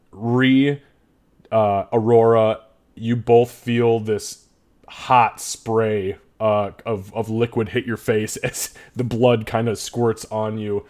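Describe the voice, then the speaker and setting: A man's voice: fairly low pitch, darkish tone. A man running a tabletop game as game master, casual, swearing and laughing often.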